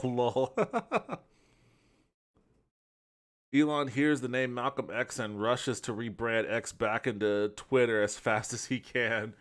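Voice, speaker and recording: A man's voice: mid-range voice, slow, pauses often. A man hosting a stream, giving casual, blunt and joking reaction commentary. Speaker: stream host.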